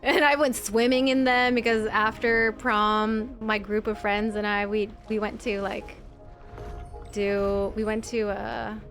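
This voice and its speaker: A woman's voice: medium pitch, level tone, slow, fairly bright tone, faint music behind. A young adult woman giving casual, chatty let's-play commentary, giggling often and filling her talk with "like". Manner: chatty and giggly, full of "like" fillers. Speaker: video game streamer.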